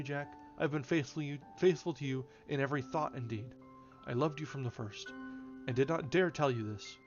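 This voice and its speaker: Man voicing a pleading young woman, anguished, halting, dull recording, faint music. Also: medium pitch, lightly acted.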